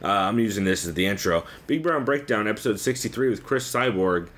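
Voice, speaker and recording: A man's voice: fairly low pitch, lively intonation, brisk, a bit bright. A young man hosting a podcast, recapping another show in a rambling, profane, exasperated way. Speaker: podcast host.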